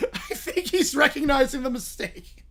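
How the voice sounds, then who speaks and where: Man stream host, high voice, dry muttered reaction asides. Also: a little slow, creaky. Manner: wry, half-mumbled asides that build into excited disbelief. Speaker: livestream host reacting to videos. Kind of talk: casual reaction commentary.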